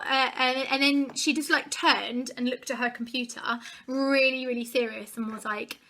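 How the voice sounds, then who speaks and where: A woman's voice: high-pitched, fairly even intonation, moderate pace, bright, forceful tone. A young woman vlogger chattily retelling a personal story to camera, acting out the dialogue.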